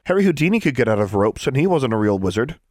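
A man's voice: mid-range voice, big pitch swings, fast, darkish tone, no echo, studio quality, voice pushed up, natural voice. A man doing a skeptical, prim teen girl.

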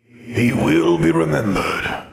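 A man voicing a solemn ancient male ghost in an audiobook, intoning his words gravely. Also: fairly high pitch, expressive, slow, voice pushed up, full character voice. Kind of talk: audiobook character voice.

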